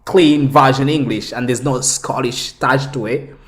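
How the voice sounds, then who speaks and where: A man's voice: medium pitch, measured pace. A young man from the Democratic Republic of the Congo, a comic book creator, telling stories in a casual interview with lots of restarts and fillers. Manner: storytelling, animated, frequent restarts and fillers.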